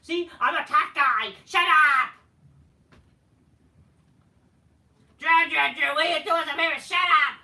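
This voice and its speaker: A man putting on a mocking impression of a cocky, sneering male wrestler, yelling and taunting. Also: very high-pitched, normal speed, vocal fry, voice pushed up, full character voice. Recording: echoey room, distant mic.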